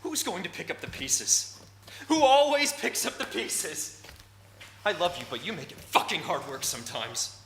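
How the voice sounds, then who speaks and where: An actor playing a worried husband pleading with his partner, earnest and halting. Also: a little high, big pitch swings, sharp tone. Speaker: drama student in a showcase scene. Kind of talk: dramatic two-hander scene. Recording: echoey room with faint hiss.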